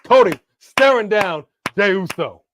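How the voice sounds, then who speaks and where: A man's voice: sits high, a little slow, background noise. A man co-hosting a casual live-stream watch-along, reacting to the action as it happens and reading viewer messages aloud. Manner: animated, reacts to the action and reads super chats aloud.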